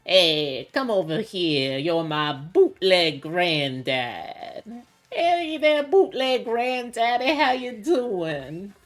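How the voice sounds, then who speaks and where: A woman voicing a playful, loud caller with a put-on Cajun accent and a slow, exaggerated drawl. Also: medium pitch, very animated, soft background music, voice pushed up. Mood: teasing.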